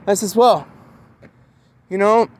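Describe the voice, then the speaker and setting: A man's voice: sits high, slow, dry recording. A man talking in a rambling, meandering casual monologue outdoors, full of fillers. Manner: meandering, with constant fillers like "man" and "you know".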